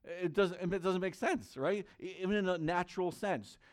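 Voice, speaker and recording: A male pastor preaching a sermon in an earnest, conversational way. His voice sits a little higher than most men's. He reads scripture aloud and talks straight to his listeners. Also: moderate pace.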